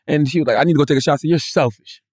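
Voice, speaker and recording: A middle-aged man co-hosting a comedy podcast, telling stories in a loud, profane, laughing way. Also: on the high side, very fast, no echo, studio quality. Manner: animated, profane, laughs often. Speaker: podcast co-host. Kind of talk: casual comedic podcast banter.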